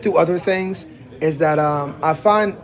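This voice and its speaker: A man's voice: fairly high pitch, measured pace. A young man hosting a casual podcast, telling stories with lots of swearing and acted-out dialogue. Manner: animated storyteller, swears freely, acts out quoted dialogue. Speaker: podcast host.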